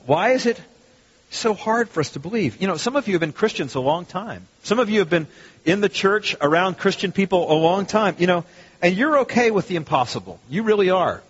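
A man with a slightly raised pitch preaches to his congregation, leaning on key words and restarting phrases as he goes. His voice is a little husky. It carries with a long hall reverb on a muffled recording. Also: fairly bright tone. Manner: conversational, emphatic preaching with restarts. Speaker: pastor. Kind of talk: sermon.

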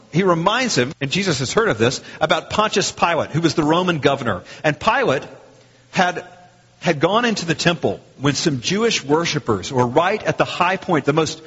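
A man preaching a sermon in a relaxed, talky way, with a husky, fairly high voice that swoops up and down a lot. His speech rings out into a long hall echo, and the recording sounds dull and muffled. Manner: conversational, animated, acts out quoted lines.

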